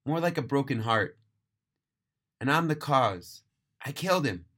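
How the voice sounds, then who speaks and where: A man's voice: mid-range voice, animated, unhurried, a bit bright. A man voicing a young man who learns of his father's death, strained and emotional, in a read-aloud story. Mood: grieving. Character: young man, rebellious then grief-stricken son.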